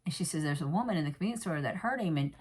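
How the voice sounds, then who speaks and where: A woman with a low voice talks her viewers through a true crime episode in an easygoing way. She wanders off on asides and fillers and adds frank opinions as she goes. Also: lively intonation, rapid-fire, a little mellow, husky. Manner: rambling, many fillers and asides; candid, personal commentary. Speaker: true crime recap vlogger. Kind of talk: casual episode recap.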